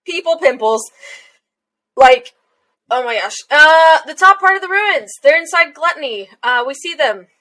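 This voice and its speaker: Young woman, high bright voice, giggly rambling podcast chat. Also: lively intonation, normal speed, poor audio. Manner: rambling, giggly, lots of fillers. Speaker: podcast co-host. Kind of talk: casual chat recapping an anime episode.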